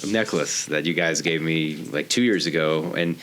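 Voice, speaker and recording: A man's voice: rumbling low, moderate pace, a bit bright, slight background noise. A man guest on a podcast in a casual group check-in, easygoing, laughing and repeating himself. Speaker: musician guest.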